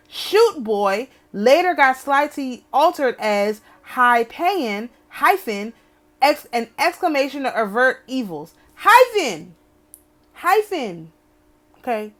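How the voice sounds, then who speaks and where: A woman's voice: high voice, fairly bright tone. A woman hosting an astrology channel. She reads a text aloud and keeps breaking off for wry, opinionated asides, often asking "okay?". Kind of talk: reading a text aloud with commentary.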